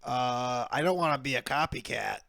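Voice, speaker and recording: A man's voice: mid-range voice, moderate pace, gravelly, pushed and bright, no room sound. A young man co-hosting a comedy podcast, joking loosely and laughing often. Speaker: podcast co-host.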